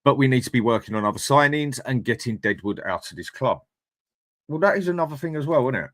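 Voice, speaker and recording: A man's voice: medium pitch, animated, fast talker, a bit bright, dry recording, clean studio sound. A man hosting a live fan stream, chatting bluntly and reading out viewer comments. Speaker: fan channel host. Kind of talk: casual live-stream chat.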